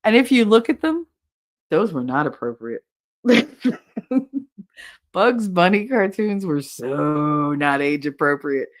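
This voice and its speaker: A woman's voice: on the low side, gravelly. A woman, hosting a casual livestream chat, laughing often and acting out quotes as she tells stories. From Hoboken, New Jersey. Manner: animated storyteller, laughs often, acts out quotes. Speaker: livestream podcast host. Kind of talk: casual chat reading viewer comments.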